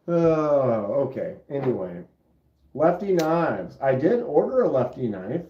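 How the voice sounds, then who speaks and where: A man's voice: medium pitch, big pitch swings, slow, dark tone, a little hiss or hum. A man hosting a casual live stream about knives, rambling at an easy pace with lots of fillers, recorded on a phone microphone. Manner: rambling, laid-back, many fillers. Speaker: knife channel host. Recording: muffled, roomy phone audio.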